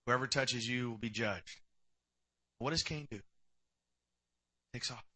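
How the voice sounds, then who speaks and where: Bright, animated male preacher. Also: on the high side, a little slow, long pauses. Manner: animated, acts out dialogue, swings from shouting to quiet. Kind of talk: sermon.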